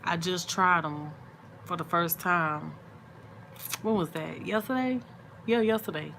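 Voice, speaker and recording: A middle-aged woman, chatting with her viewers late at night in a sleepy, drawn-out, easygoing way. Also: lowish voice, gravelly, a little hiss or hum. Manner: chatty and drawn-out, soft and sleepy, murmured asides. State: sleepy, yawning. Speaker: vlogger on a late-night livestream.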